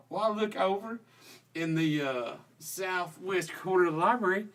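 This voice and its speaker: A man's voice: high voice, normal speed, a bit bright, distant mic, a little hiss or hum. A young man, a guest telling a story in a folksy, self-deprecating way. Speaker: teacher guest. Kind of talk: casual storytelling.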